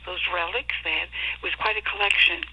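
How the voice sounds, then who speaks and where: Older lady on the phone, husky, chatty and fond, sounds kinda muffled. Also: on the low side, fairly even intonation, fairly quick. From Minnesota. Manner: chatty, reminiscing, affectionate. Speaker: guest. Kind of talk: phone interview. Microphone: telephone. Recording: lo-fi phone line.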